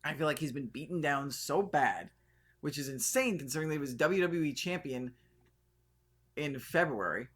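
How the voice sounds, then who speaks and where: A man co-hosting a podcast in casual chat, talking fast and acting out quotes in an animated way. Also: fairly high pitch. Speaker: podcast co-host.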